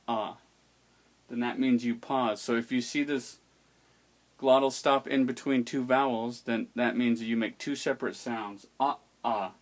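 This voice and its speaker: A man teaching how to pronounce the letters of an alphabet, patiently demonstrating each sound aloud. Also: mid-range voice. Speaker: language teacher. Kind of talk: explaining an alphabet's pronunciation.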